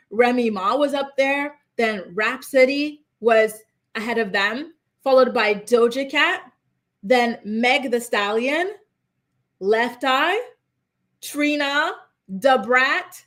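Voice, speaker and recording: A young woman with a fairly high voice hosts a casual pop culture chat, reading viewer comments aloud and rambling through animated asides.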